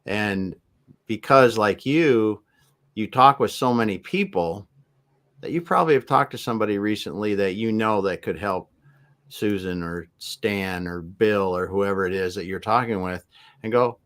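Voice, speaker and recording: Low-voiced podcast host guy, laid back and thoughtful, lots of um and you know. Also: moderate pace, a bit bright. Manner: easygoing, reflective, with many fillers. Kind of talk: casual conversation.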